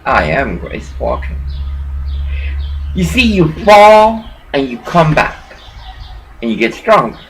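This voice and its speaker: Speaking slowly in a low, sing-song voice with frequent pauses, a woman vlogger records a rambling personal monologue at home on her laptop webcam. She's preachy and emotional, swinging between laughter and bitterness, and the poor audio carries a little hiss or hum.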